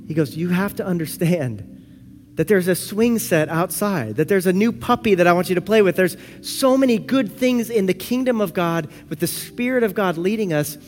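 A male pastor delivers a sermon in an earnest voice pitched a little high. He swings from soft, slow, low passages to quick, loud bursts. Faint music plays beneath him. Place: church sanctuary.

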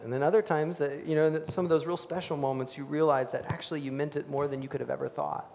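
Man, pastor, sermon, animated delivery, hushed asides, slightly high voice, echoey hall. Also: fast talker, gravelly, hardly any pauses. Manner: animated, swings between loud emphasis and hushed near-whisper.

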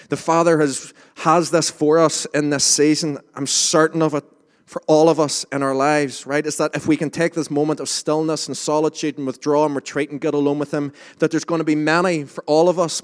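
A man preaching an informal sermon in a conversational, self-deprecating way, with asides and restarts. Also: on the high side. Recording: reverberant hall.

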